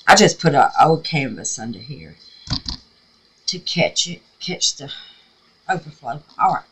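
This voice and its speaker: This is a woman craft vlogger from Mississippi with a scratchy Southern voice, casually chatting through a crafting tutorial at home. She talks to herself and calls viewers babies. Her voice is deep with a breathy edge, and she sounds animated yet unhurried, with an air purifier running in her craft room.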